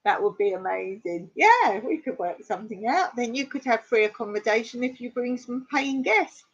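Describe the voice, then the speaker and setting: A woman's voice: a little high, lively intonation, moderate pace, breathy edge. A middle-aged English woman hosting a casual live-stream chat, talking with viewers and laughing often. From England. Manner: chatty, laughs often, answers viewer comments. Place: rural home in Cyprus. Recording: dull lo-fi stream audio.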